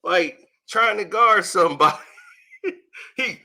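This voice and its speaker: A man giving casual, ranting sports commentary as a vlogger, mocking and animated, laughing often. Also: high voice, takes it slowly, creaky.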